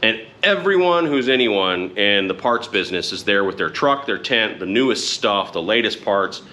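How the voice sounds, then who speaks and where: Man, middle-aged, casual rambling vlog talk, frank, lower pitch, faint background hum. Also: lively intonation, moderate pace, bright, forceful tone. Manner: rambling, frank, self-correcting with restarts. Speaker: motorcycle vlogger. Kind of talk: casual chat to camera.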